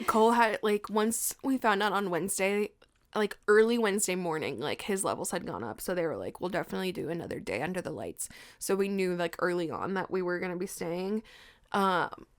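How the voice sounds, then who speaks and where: A woman's voice: fairly low pitch, a little fast. A young woman telling her birth story on a podcast, often laughing through tears and saying "like". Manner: tearful, laughing through tears, fills talk with "like". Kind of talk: emotional personal storytelling.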